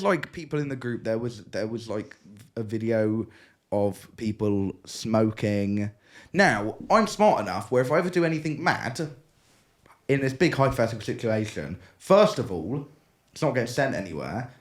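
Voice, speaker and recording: Medium-pitched and speaking at normal speed, this young British-accented co-host animatedly tells a lengthy story on a casual podcast, laughing along and voicing the other characters himself.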